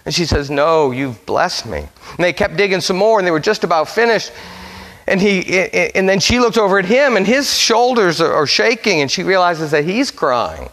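Male preacher with a somewhat high voice, telling a story from the pulpit in a sermon, easing into quiet solemn phrases; long hall reverb. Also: sing-song, normal speed. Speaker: pastor.

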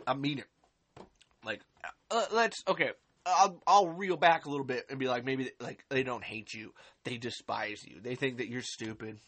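A woman with a bass, slightly rough voice speaks at normal speed while hosting a podcast on a live stream. She rants angrily and sarcastically, with lots of profanity and repetition for emphasis.

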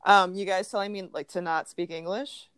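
A young woman from the greater Los Angeles area co-hosts a podcast, telling stories in a casual chat full of fillers and restarts. Her medium-pitched voice is steady, fairly bright, and clean, at a moderate pace with no echo.

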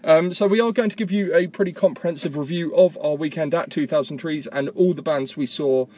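A man's voice: on the high side, a little fast, dark tone. A man hosting a podcast from a parked car, talking in a rambling, self-mocking way. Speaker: podcast host. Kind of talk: casual podcast chat. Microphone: tablet voice memo app.

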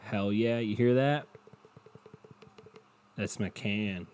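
A young man hosts a solo podcast at home through a cheap desk mic while wearing headphones. His lowish, slightly mellow voice takes things slowly as he rambles crudely, mocks himself and swears a lot.

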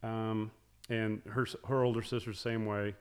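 A middle-aged man in casual conversation, telling a long story with many restarts and soft, trailing asides. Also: fairly low pitch, little pitch movement, moderate pace, smooth. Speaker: guest talking about hunting with his daughters.

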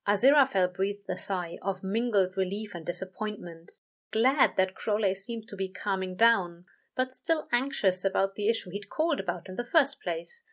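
A woman reads a story aloud in a gentle, even storytelling voice. Her narration sits at an ordinary pitch for a woman and moves at a steady pace. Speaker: reader. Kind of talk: reading fan fiction aloud.

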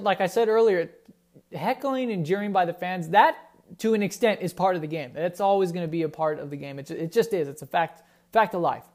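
A man giving a heated, indignant monologue of sports opinion, often repeating himself as he argues. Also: high-pitched. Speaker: sports commentator.

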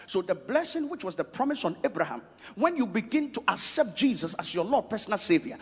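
A man preaching a sermon, emphatic and repetitive, shouting out scripture and lists of points. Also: high-pitched, very animated, quick pace, breathy edge. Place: church. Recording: long reverb of a church hall.

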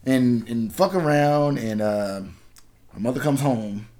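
Taking things slowly in a mid-range voice, this man in his thirties hosts a podcast from Washington, D.C. He tells a story in casual conversation, full of swearing and laughter, bringing its people to life as he acts them out.

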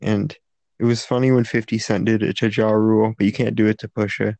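Gravelly, dry-voiced podcast host. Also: male voice, lowish voice, flat delivery, fairly quick, darkish tone, no room sound. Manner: dry, teasing, opinionated. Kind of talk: casual podcast chat.

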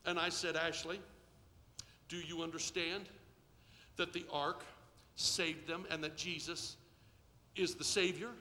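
A middle-aged male pastor preaching a sermon, leading call-and-response and swinging from hushed asides to shouting. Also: fairly high pitch, level tone, unhurried, long reverb tail. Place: church sanctuary.

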